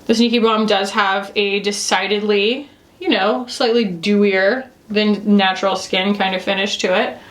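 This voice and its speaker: A woman's voice: mid-range voice, steady tone, measured pace. A woman in her thirties chatting casually as she reviews makeup, rambling with lots of "like" and "you know.". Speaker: beauty reviewer. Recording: echoey room.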